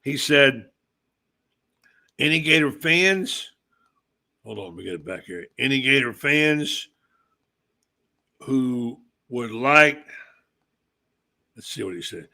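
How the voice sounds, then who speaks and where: A man's voice: medium pitch, lively intonation, slow pace, gravelly, pauses often, sharp tone. A man hosting a casual sports talk podcast, rambling in a conversational, storytelling way. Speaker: podcast host.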